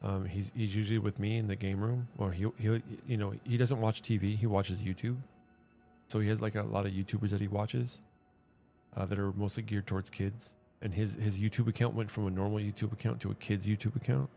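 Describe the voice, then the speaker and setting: Low gravelly-voiced man rambling casually. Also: flat delivery, fairly quick, mellow, faint music behind. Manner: hesitant, many restarts and fillers. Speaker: gaming streamer. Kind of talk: casual rambling chat while gaming.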